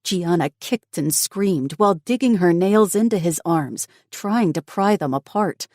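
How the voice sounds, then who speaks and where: Low-voiced slow woman narrator. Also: lively intonation, a little mellow, no echo, studio quality. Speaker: audiobook narrator. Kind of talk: scripted narration.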